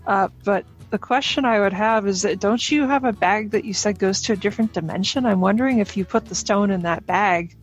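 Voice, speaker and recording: A woman's voice: medium pitch, fairly quick, few pauses, slightly rough, faint music behind, rough recording. A woman chatting as a player in a tabletop game, thinking aloud. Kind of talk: casual tabletop game chat.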